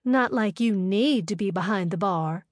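A woman's voice: mid-range voice, moderate pace, no room sound, clean studio sound, lightly acted. A woman putting on a sugary, flirty barfly. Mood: sugary flirting. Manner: sugary, sultry and pushy.

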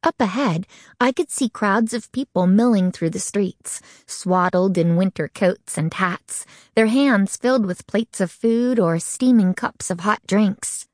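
A woman narrating an audiobook in first person, lively and expressive, shifting her voice for each character. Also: medium pitch, no room sound, clean studio sound.

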